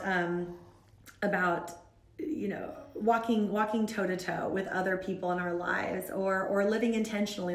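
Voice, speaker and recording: A woman in her thirties, a guest on a faith-based podcast, talking in an earnest, rambling, animated way. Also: mid-range voice, reverberant.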